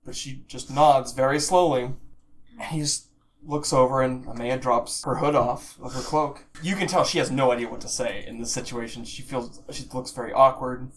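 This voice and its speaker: A man's voice: medium pitch, steady tone, normal speed. A man narrating as game master of a tabletop game, describing scenes with restarts and fillers.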